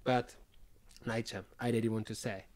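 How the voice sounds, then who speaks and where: A man's voice: fairly even intonation, normal speed, darkish tone. A man with a Japanese accent, a comedian hosting a podcast in casual chat, laughing often. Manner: laughs often, swings widely in pitch.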